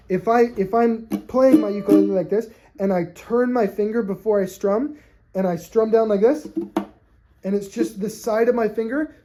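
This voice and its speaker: A mellow, mid-pitched voice of a ukulele teacher filming a lesson. The teacher talks patiently and kindly, tags almost every instruction with "okay?" and counts the beat out loud while strumming along. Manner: friendly, checks in with "okay?" constantly. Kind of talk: on-camera music lesson.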